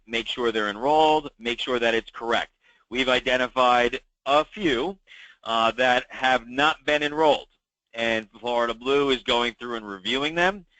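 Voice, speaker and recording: Bright-voiced man hosting an agent call. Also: medium pitch, no echo, rough recording. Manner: conversational, many fillers, repeats key advice. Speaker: meeting host for insurance agents. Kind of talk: weekly call briefing.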